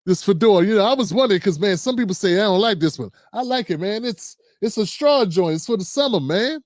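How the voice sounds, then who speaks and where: This middle-aged man hosts a casual political talk show as livestream commentary, riffing loosely and playfully with slang and asides to his audience. His voice is high and expressive, his pace quick, and the studio-quality recording has no room sound.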